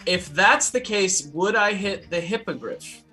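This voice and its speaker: A man's voice: high voice, unhurried, pushed and bright, soft background music. A man playing a tabletop game who speaks eagerly and checks the rules aloud. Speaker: player.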